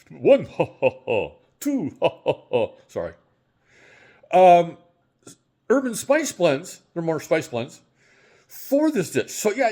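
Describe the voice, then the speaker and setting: A man hosting a daily home cooking vlog, chatting casually and rambling a little, often correcting himself and chuckling at his own slips. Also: sits high. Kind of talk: casual chat.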